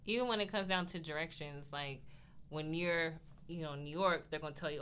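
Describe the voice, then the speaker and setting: A woman from California with a bright, crisp voice, pitched fairly low. She chats easily and grows animated when she quotes her own reactions. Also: fairly quick. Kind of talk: casual chat.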